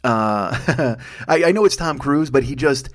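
A man's voice: mid-range voice, lively intonation, unhurried. A man in his fifties who tells a rambling, self-mocking comedy monologue as a podcast host, swearing constantly. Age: 50s. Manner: digressive storytelling.

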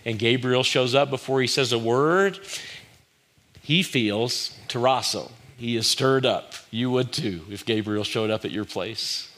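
Bright-voiced male pastor preaching. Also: medium pitch, unhurried. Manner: conversational preaching with rhetorical questions, acts out quotes. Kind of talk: sermon.

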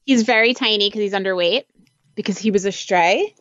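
A woman co-hosting a podcast, telling stories in a chatty, animated way with lots of fillers. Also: mid-range voice, brisk, no room sound, highs cut off. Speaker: podcast co-host. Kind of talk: casual chat.

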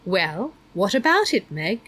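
A woman's voice: medium pitch, big pitch swings, measured pace, a bit bright. A woman voicing a stern, prying middle-aged male school principal who lectures and talks down to a student. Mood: probing. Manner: lecturing, condescending.

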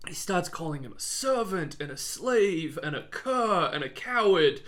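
A man's voice: sits high, big pitch swings, unhurried, background noise. A man co-hosting a podcast, telling a history story in a casual, jokey way and laughing often.

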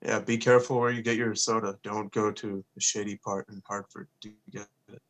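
A man's voice: lowish voice, level tone, a little fast. A young man co-hosting a podcast, telling stories in a laid-back way, swearing freely and acting out the quotes. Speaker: podcast co-host. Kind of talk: casual storytelling chat.

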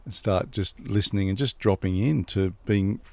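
Gravelly low-voiced man. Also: no echo. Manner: reflective, spiritual, unhurried. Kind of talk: casual storytelling chat.

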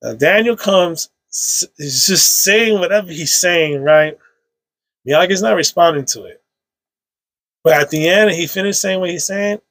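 Gravelly man telling a loose story. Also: high voice, unhurried, fairly bright tone, no echo. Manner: loose, emotional storytelling with slang and fillers. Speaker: podcast guest. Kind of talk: casual conversation. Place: indoor recording room.

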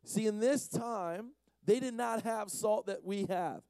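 A man delivers a conference sermon in a relaxed, playful style, poking fun at his audience between points. His voice sits a little high yet sounds mellow. The sound is close and dry. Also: a little slow, clean tone, dry recording. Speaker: youth conference speaker. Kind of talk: casual joking sermon.

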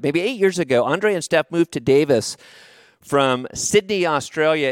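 A middle-aged man preaching a sermon, telling a story in a conversational, expressive way and slowing down for emphasis. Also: medium pitch, clean tone, no room sound, studio quality. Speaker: pastor.

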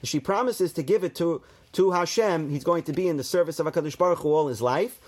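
Man, slightly higher voice, Torah teacher, reads verses and explains, casual fillers. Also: fast talker. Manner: reads Hebrew verses then translates and explains; conversational, with fillers and restarts. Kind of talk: text study class.

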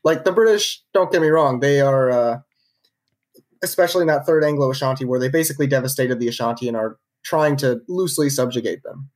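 A man with a voice of middling pitch walks through a history story on a podcast. He talks casually and conversationally, with plenty of fillers and false starts as he thinks aloud. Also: fairly quick, a little mellow. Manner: conversational, with frequent fillers and restarts. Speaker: podcast co-host narrating history.

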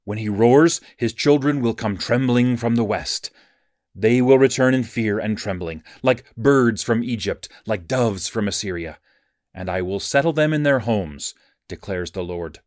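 A man's voice: fairly low pitch, no echo. Man reading scripture in a dry, close voice. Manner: measured, even reading cadence. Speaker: scripture reader.

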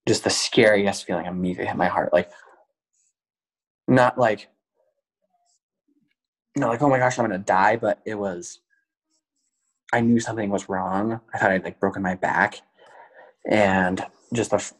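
A man's voice: fairly low pitch, low-quality recording. A young man telling a long personal story in earnest detail on a podcast, full of fillers. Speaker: guest.

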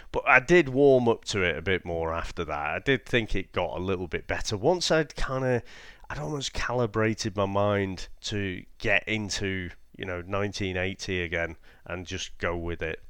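A man talks through a film in a relaxed podcast chat, his voice low and resonant. He pauses on fillers and laughs easily. The sound is dry and close. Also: smooth, no echo. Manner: laughs often, measured with many fillers. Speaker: podcast co-host. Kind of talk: casual film review chat.

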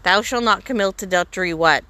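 A woman's voice: mid-range voice, fairly quick, bright, forceful tone, no room sound, close to an everyday voice. Woman doing a barking, bullying schoolmaster. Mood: stern. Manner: barking, mocking, raised voice. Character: harsh, bullying male schoolmaster, middle-aged. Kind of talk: storybook reading.

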